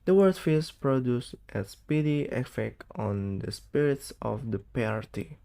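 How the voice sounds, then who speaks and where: A teenage student reads a classic novel aloud, slowly and carefully. His tone is mellow and soft, and he often stumbles over words or gets them wrong. It sounds like a school read-aloud, not a polished narration. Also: medium pitch, expressive. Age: late teens. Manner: halting, misreads words, stumbles. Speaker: student reading an audiobook.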